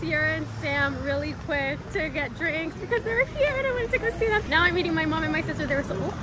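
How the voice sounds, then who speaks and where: A young woman in her twenties chatting in a casual travel vlog, gushing and excitable, swearing casually. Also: high voice, fast talker. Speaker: vlogger. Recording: crowd chatter and noise behind.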